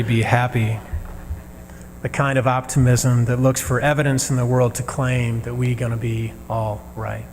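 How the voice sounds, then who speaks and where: A man preaching a sermon as minister, earnest and measured, pausing between phrases. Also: medium pitch. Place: church sanctuary. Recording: reverberant sanctuary with faint hum.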